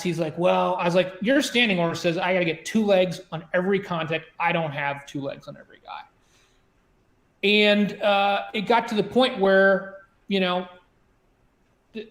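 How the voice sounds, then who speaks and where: A former submarine officer with a high voice tells a story at a moderate pace in an echoey room. He is chatty, peppering his talk with "you know" and "like" and restarting often.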